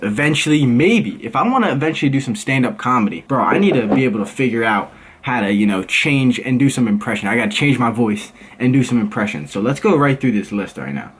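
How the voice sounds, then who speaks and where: A man's voice: mid-range voice, slightly rough. A young man in his twenties vlogging casually, slangy and rambling, laughing often. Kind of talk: casual vlog chat.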